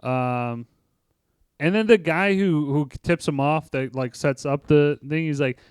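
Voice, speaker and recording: A man co-hosting a podcast who chats casually, rambles and swears as he retells a movie. His voice sits a bit high and sounds smooth. The sound is close and dry. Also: unhurried, no echo. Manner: rambling, profane, retells scenes. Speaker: podcast co-host. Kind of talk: casual movie review chat.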